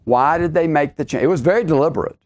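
An emphatic middle-aged man delivering a podcast sermon in a slightly higher-than-usual voice. He hammers points home by repeating lines and climbs in pitch when he exclaims. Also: fast, a little mellow. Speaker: preacher.

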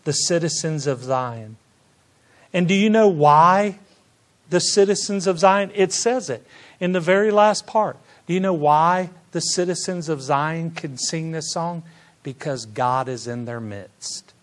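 A man preaching a sermon, moving between quiet, drawn-out asides and loud bursts of praise. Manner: swings from soft, slow asides to loud, high exclamations of praise. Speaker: pastor.

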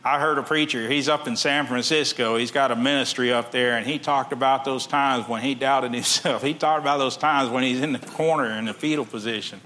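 Bright-voiced male preacher. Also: mid-range voice, fairly even intonation, brisk, few pauses. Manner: reads scripture in King James wording, then explains it in plain everyday talk. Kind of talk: sermon.

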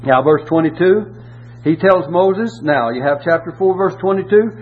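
A man's voice: on the high side, normal speed. A man preaching a sermon and reading scripture, emphatic, repeating key words and asking rhetorical questions. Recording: tinny phone-like audio with faint hum.

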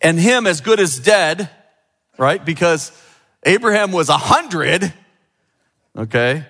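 Guy preaching a sunday sermon, bit high voice, big echoey church, keeps asking the crowd questions. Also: takes it slowly, slightly rough. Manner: asks the congregation rhetorical questions; lively preaching, swings from quiet to emphatic. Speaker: pastor. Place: church sanctuary. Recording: long hall reverb.

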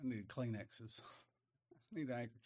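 A man preaching a sermon in a folksy, emotional way, dropping quiet and then rising loud. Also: mid-range voice, normal speed.

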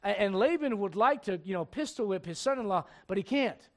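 A man preaches with lively, chatty storytelling, acting out the characters' lines and tossing questions to his congregation. His voice sits quite high for a man. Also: brisk. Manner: animated storytelling, acts out characters, asks the crowd questions. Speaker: pastor. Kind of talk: sermon.

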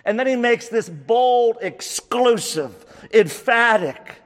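Emphatic high-voiced male preacher. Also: lively intonation, slow pace, fairly bright tone, long reverb tail. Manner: emphatic, repeats key phrases for stress. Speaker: pastor. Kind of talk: sermon.

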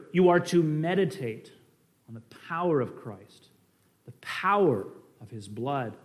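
A male preacher with a somewhat high voice teaches in a conversational sermon style. He stresses points emphatically, then drops into quiet asides, with frequent fillers and restarts. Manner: swings between emphatic and quiet.

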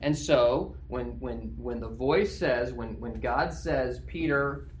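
A man's voice: mid-range voice, slow pace, darkish tone, a little hiss or hum. A male pastor preaching an expository sermon in a conversational way, often checking in with his listeners through rhetorical questions.

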